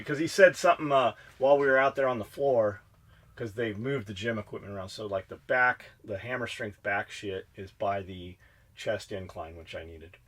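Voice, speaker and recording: A man's voice: on the low side, fairly quick, fairly bright tone. Blunt, swearing man on a podcast. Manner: profane, blunt, fired-up storytelling. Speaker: podcast co-host. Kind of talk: casual podcast chat.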